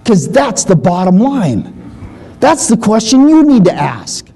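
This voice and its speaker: A man's voice: sits high, unhurried, breathy edge, rough recording. A man speaking at a live seminar, telling stories and acting out the dialogue in a folksy way that repeats points for emphasis. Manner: storytelling, animated, acts out dialogue. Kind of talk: live seminar talk to an audience.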